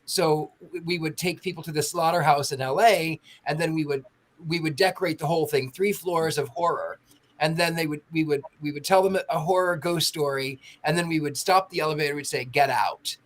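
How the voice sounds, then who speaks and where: A woman telling a lively story in casual panel chat, acting out the people she quotes. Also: deep voice, brisk. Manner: animated storyteller who acts out quoted voices. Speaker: podcast panelist telling an anecdote.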